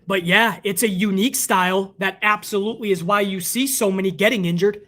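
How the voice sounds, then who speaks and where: Speaking briskly with fairly even intonation, a US wrestling podcast host delivers his casual livestream in a high-pitched, bright, forceful voice. His rants are profane, heated, and rambling, broken up by donation readouts.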